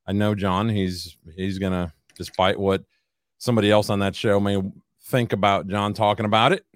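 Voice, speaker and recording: A man with a very low, deep voice co-hosts a casual podcast. He speaks in a measured way and teases his partner wryly. The sound is dry and close on a studio mic. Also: level tone, no echo. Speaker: podcast co-host. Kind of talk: casual chat.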